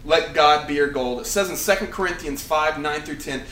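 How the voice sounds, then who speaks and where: A man's voice: a little high, moderate pace, hardly any pauses, a bit bright, slight background noise. Man preaching in an echoey room. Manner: conversational preaching with restarts and self-corrections. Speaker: campus ministry pastor. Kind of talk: sermon. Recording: echoey room with faint ambience.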